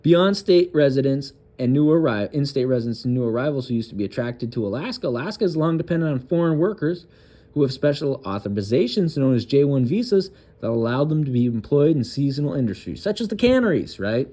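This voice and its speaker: A man hosting a political commentary channel, reading a news article aloud and breaking off for crude, sarcastic asides, with halting restarts. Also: medium pitch, very animated, dark tone.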